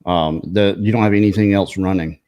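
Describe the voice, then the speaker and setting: A man's voice: low-pitched, fairly even intonation, a little fast, darkish tone. A man hosting a video call, easygoing and apologetic. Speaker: host. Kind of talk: casual chat on a video call.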